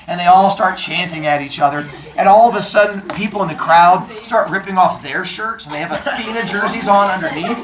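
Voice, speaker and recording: A male teacher telling a myth to his class in a classroom, animated and jokey, acting out voices as he goes. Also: high-pitched, a little fast, few pauses. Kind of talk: storytelling to a class.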